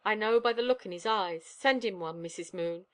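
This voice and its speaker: A woman reader voicing a ragged, worn-out young mother with a husky, sneering voice, in a storybook reading. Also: medium pitch, moderate pace, close to an everyday voice. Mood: weary. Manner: sneering, weary.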